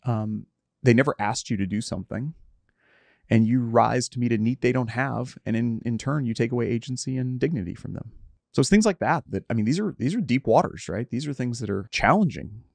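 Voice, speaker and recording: A man's voice: medium pitch, fairly quick, gravelly, no room sound. A middle-aged man in reflective conversation, earnest and self-searching, often trailing off and restarting his sentences.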